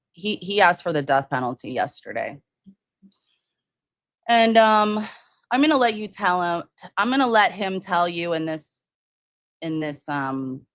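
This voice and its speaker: A woman's voice: deep voice, dry recording. Rambling woman hosting a crime livestream. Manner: rambling, many fillers and restarts, reads viewer comments. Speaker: livestream host. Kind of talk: casual true-crime livestream chat.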